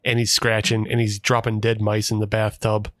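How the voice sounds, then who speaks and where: A man's voice: fairly low pitch, completely flat delivery, normal speed, a bit bright, no room sound, clean studio sound. A man co-hosting a podcast, chatting casually about a film with blunt quips. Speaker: podcast co-host. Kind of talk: casual chat.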